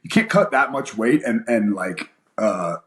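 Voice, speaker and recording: A man's voice: fairly low pitch, measured pace. A man in his forties, a guest fighter and coach, telling a story in a casual interview with lots of fillers and acted-out quotes. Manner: animated storyteller, acts out quoted voices, many fillers. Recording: echoey room.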